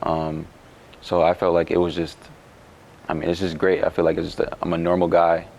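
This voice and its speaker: In this interview clip, a young adult college basketball player speaks low with some vocal fry. He's laid-back and stop-start, dropping many fillers, while a slight hiss or hum runs underneath.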